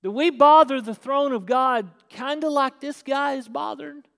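Very high-voiced guy preaching real slow, acts out the dialogue, big echoey church hall. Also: vocal fry. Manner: animated, acts out dialogue, rhetorical questions. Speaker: pastor. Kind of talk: sermon. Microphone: filmed on camera. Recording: long hall reverb.

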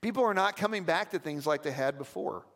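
High-voiced pastor preaching in a hall. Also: male voice, expressive, a little fast, fairly bright tone. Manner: storytelling, conversational with audience asides. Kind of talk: sermon. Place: church.

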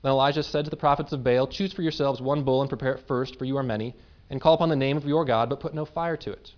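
A man's voice: mid-range voice, steady tone, quick pace, muffled recording. A man giving a sermon, reading scripture aloud and retelling it in casual everyday words. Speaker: pastor.

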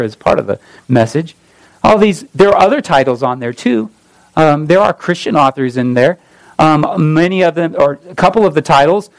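A man's voice: on the high side, dry recording, low-quality recording. A man preaching a sermon in a conversational way, often restarting phrases and rising on emphatic points. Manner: conversational, searching for words with many restarts. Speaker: pastor.

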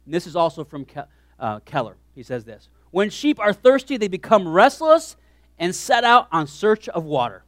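A man preaching a sermon as pastor, animated, swinging from hushed asides to shouted lines. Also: high-pitched, moderate pace, no room sound.

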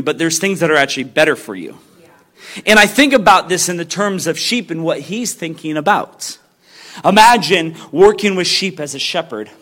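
A man preaching a sermon in a church, mixing casual chat full of ums with slow, emphatic scripture reading. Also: sits high, a bit bright. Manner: conversational preaching with frequent ums. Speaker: pastor.

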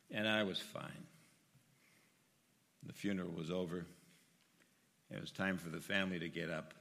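An older man giving a personal testimony to his congregation, telling the story earnestly and moving between quiet and loud, emphatic passages. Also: low voice, creaky, big-room sound. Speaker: church member speaking to his congregation. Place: church sanctuary.

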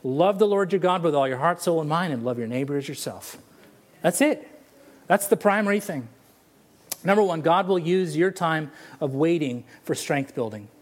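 A man's voice: a little high, animated, moderate pace. A male pastor preaching a sermon in a church, mixing storytelling and humor. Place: church sanctuary.

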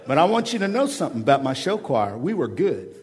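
A man from Oklahoma preaching a sermon as pastor, swinging from hushed asides to loud, joking, animated stretches. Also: a little high, quick pace.

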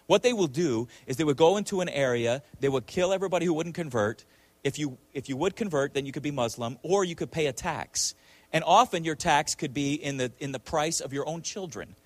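A man's voice: a little high, animated, a little fast, no room sound. A male preacher delivering a sermon emphatically, with frequent rhetorical questions and repeated words.

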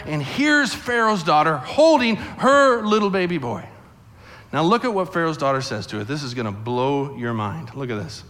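A male pastor preaching a lively sermon in a church sanctuary, telling the story with acted-out voices and questions aimed at the kids. His voice is bright and forceful, sitting a bit high for a man. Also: moderate pace. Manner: animated storyteller acting out voices, addressing kids. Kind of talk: sermon to a family congregation.

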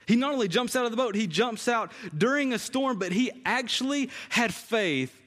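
A man's voice: very high voice, lively intonation, moderate pace, a bit bright. A man preaching a conversational sermon in a church, often repeating phrases for emphasis. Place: church sanctuary. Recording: long hall reverb.

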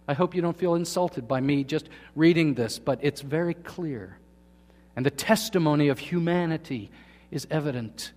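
A man preaching a sermon to his congregation, asking them questions and swinging from quiet to emphatic. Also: fairly high pitch, moderate pace, big-room sound. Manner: asks the congregation questions, swings between soft and loud. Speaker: pastor. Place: church hall.

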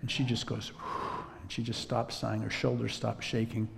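Gravelly man preaching in a reverberant hall. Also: lowish voice, flat delivery, brisk, background noise. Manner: conversational, drops to a whisper when quoting himself. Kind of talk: sermon storytelling.

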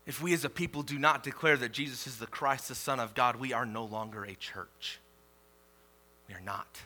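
Emphatic bright-voiced male preacher. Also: mid-range voice. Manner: emphatic preaching, swells loud on key declarations then drops quiet; reads scripture slowly and deliberately. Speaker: pastor. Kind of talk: sermon.

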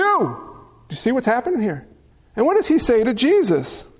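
A man's voice: extremely high pitch, huge pitch swings, normal speed, slightly rough. A male pastor preaching a sermon, emphatic, with many rhetorical questions to his congregation.

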